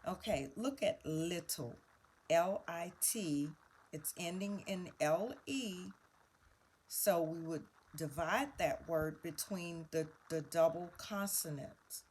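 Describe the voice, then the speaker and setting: A woman's voice: fairly low pitch, slow pace, darkish tone, slight background noise. A woman teaching a spelling lesson, patiently spelling words out letter by letter and walking through each answer.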